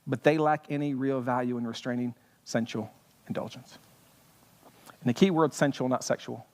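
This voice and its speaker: A man's voice: medium pitch, fairly even intonation, normal speed, a little mellow. A man preaching a sermon as pastor, impassioned, with rhetorical questions and bits of humor. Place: church sanctuary. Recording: long church hall reverb.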